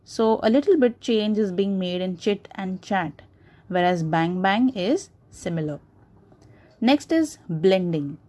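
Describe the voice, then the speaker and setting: Woman teacher, Indian English accent, slow and patient, repeats examples for kids. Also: medium pitch, expressive, darkish tone. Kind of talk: classroom grammar lesson.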